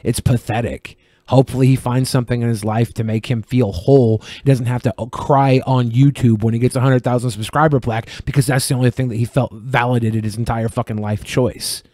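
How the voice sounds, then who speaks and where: A male podcast host talks in a blunt, profane way, with laughing asides. His pitch sits in the middle for a man. The studio mic sounds dry and close. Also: steady tone, a little fast, mellow, no room sound. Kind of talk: casual panel chat.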